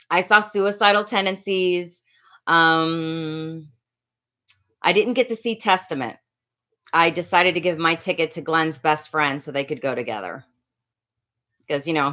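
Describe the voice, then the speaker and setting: A woman's voice: low voice, a bit bright. A middle-aged woman from the Miami area telling a casual story to a livestream chat, rambling and reading out viewer names as she goes. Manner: chatty, reads out viewer names. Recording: slightly dull lo-fi audio.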